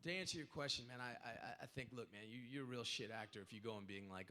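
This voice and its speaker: A man's voice: mid-range voice, animated, fast, pushed and bright. A man answering fan questions at a convention panel, rambling, stammering and swearing casually. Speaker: guest actor at convention panel. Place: large convention hall. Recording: long reverb of a big hall.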